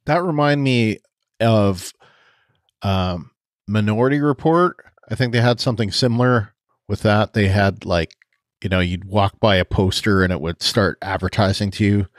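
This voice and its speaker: A man's voice: on the low side, normal speed, no room sound, clean studio sound. A man co-hosting a podcast, chatting casually, laughing often and trailing off with fillers. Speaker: podcast co-host.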